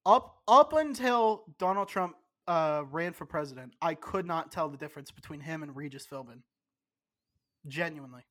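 An expressive man with a high-leaning, fairly bright voice talks at normal speed. He's co-hosting a podcast while tipsy, and his casual banter wanders, swears freely, and keeps breaking into stumbling restarts.

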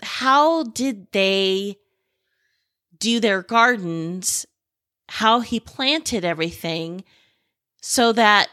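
A middle-aged woman hosts a podcast in an unhurried, drawn-out way, recorded close and dry with no room sound. She rambles with excitement, restarting her sentences as she goes. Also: medium pitch, dry recording. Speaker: podcast host. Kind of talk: casual podcast talk.

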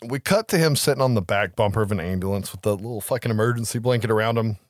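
A man co-hosting a podcast, recapping a horror film in a lively, profane, casual way. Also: lowish voice, fast talker, no echo, clean studio sound. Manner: animated, profane storytelling. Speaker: podcast co-host.

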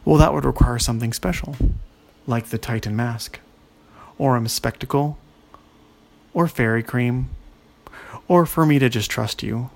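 A man's voice: medium pitch, a little slow, vocal fry, pauses often. A man voicing a tiny, haughty invisible fairy in a children's story, talking down to the listener. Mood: teasing. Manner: haughty, condescending. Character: snooty invisible male sky fairy, tiny.

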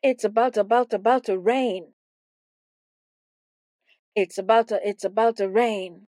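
Woman, Bible teacher, theatrical, playful, repeats words, slow delivery, dry close sound. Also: mid-range voice, steady tone, dark tone, no room sound. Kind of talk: dramatic storytelling lesson.

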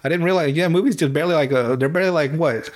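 A young man hosts a casual movie podcast, talking in a loose, rambling way. He swears freely and his voice sits a little on the high side. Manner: rambling, swears often, acts out characters with quick put-on voices. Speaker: podcast host. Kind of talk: casual movie recap chat.

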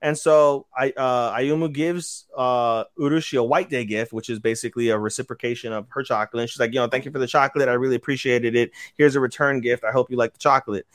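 A man's voice: medium pitch, fairly even intonation, fast, few pauses, dry recording, studio quality. A man co-hosting a podcast, casually recapping an episode and acting out the characters' lines with sudden jumps in voice. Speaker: podcast co-host. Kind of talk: casual anime recap chat.

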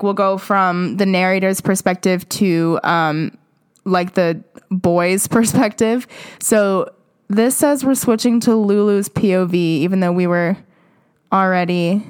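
A woman's voice: mid-range voice, clear, resonant tone, no room sound, clean studio sound. A woman in her twenties reading fan fiction aloud and adding casual, teasing commentary full of fillers. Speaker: vlogger.

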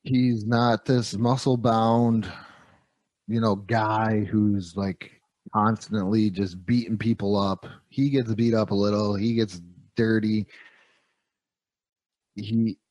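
Low-voiced dude hosting a movie podcast, chatty and excited, dead dry mic. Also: male voice, slow pace, long pauses, no room sound. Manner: enthusiastic, rambling, quotes movie lines. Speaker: podcast host. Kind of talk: casual movie review chat.

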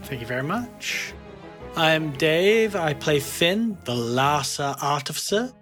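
A man's voice: on the high side, expressive, takes it slowly, a bit bright, faint music behind. A man chatting as a player on a tabletop podcast, making dry one-liners. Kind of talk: casual podcast banter.

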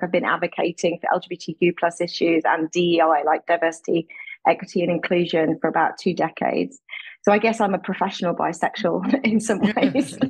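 Brief: British woman, husky voice, chatty podcast guest on a dry remote line. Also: lowish voice, dry recording, poor audio. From Britain. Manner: chatty, laughs often. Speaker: guest, advocate. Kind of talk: casual podcast interview. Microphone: remote call.

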